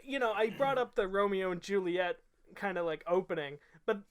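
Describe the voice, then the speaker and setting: A man's voice: high voice, moderate pace, clear, resonant tone. A young man co-hosting a podcast, easygoing and laughing often, summing up his notes with many fillers and restarts. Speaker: podcast co-host. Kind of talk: casual chat.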